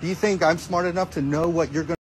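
A man confronting someone face to face with a rapid string of pointed questions. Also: on the high side, fairly even intonation, low-quality recording.

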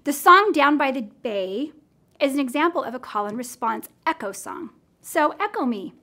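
A middle-aged American woman with a clear, encouraging manner, teaching teachers how to guide children's singing. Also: sits high, expressive, normal speed, pushed and bright. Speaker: music teacher trainer. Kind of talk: instructional demonstration.

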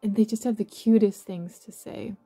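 A woman narrating a guided visualization in a soft, slow, affectionate way, with gentle laughs. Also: medium pitch, fairly even intonation, husky, soft background music. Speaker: meditation guide.

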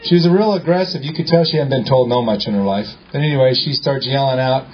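A man's voice: medium pitch, fairly quick, breathy edge. Joking man telling a story, lo-fi. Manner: joking, colloquial, acts out dialogue. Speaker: speaker at a meeting. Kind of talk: storytelling to a live group.

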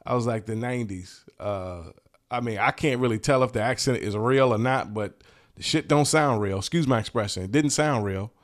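A man hosting a channel for t-shirt sellers, talking casually and enthusiastically, in a relaxed, slangy way with plenty of swearing. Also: medium pitch, moderate pace. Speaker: host of a t-shirt business channel. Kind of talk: casual talk showing shirt designs.

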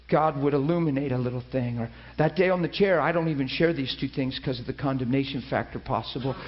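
A middle-aged pastor tells his own story from the pulpit, acting out what people said and stumbling back over his words. His voice sits a little high. The church recording sounds dull and lo-fi. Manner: storytelling, animated quoting with many restarts. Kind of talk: sermon testimony.

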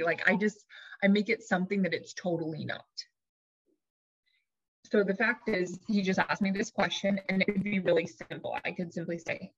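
A woman life coach explaining ideas to her audience, lively and chatty, sometimes putting on her own dramatic inner voice as an example. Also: medium pitch, moderate pace, slightly rough, lo-fi sound. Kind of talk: teaching talk to an audience.

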